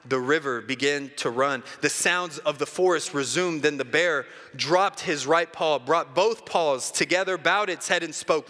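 A man preaching a sermon, telling a joke with animated, dramatic storytelling. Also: on the high side, a little slow, few pauses, long reverb tail, noisy background.

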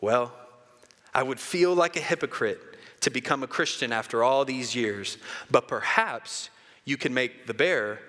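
A man voicing an atheist hiker in a joke told during a sermon, with high, excited exclamations. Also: measured pace, long reverb tail. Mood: sly. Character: frightened male atheist hiker.

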